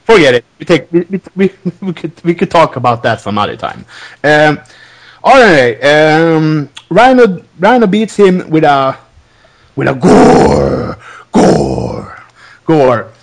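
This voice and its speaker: A man's voice: fairly high pitch, big pitch swings, measured pace. A man hosting a podcast, recapping wrestling in a rambling, casual way, laughing often between restarts. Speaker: podcast host.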